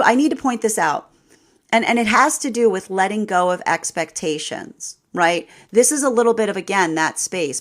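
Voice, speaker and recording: A woman tarot reader giving a live daily reading, chatty and repetitive, laughing often and asking "right?". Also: fairly high pitch.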